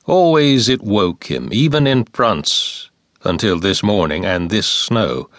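A man reading war poetry aloud as an audiobook narrator, in a slow, measured and solemn recitation. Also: on the low side, lively intonation, a bit bright, no room sound, studio quality.

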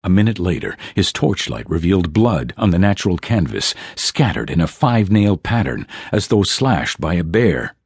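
A man's voice: low-pitched, sing-song, moderate pace, few pauses, slightly rough, no room sound. A man narrating a fantasy audiobook in a dramatic storytelling manner, recorded on a close studio mic.

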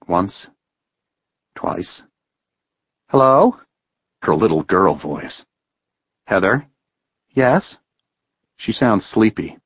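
A man reading a novel aloud in a measured, even way as an audiobook narrator. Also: deep voice, slightly rough, no echo, lo-fi sound. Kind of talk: scripted narration.

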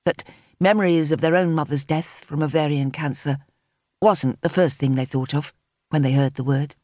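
A woman narrating a contemporary novel as an audiobook in a measured, even-toned reading. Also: sits low, no echo, studio quality. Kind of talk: scripted narration.

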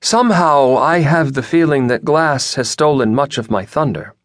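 A male audiobook narrator voicing a senior admiral who speaks in a measured, apologetic but firm way, recorded dry in a studio. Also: mid-range voice, lively intonation, dry recording, voice pushed up, lightly acted.

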